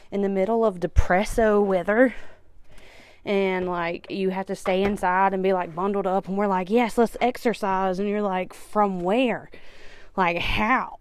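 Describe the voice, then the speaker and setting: A woman's voice: mid-range voice, a little mellow, no echo. A young woman, out of breath, chatting casually on her podcast while tidying, laughing often and poking fun at herself. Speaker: podcast host.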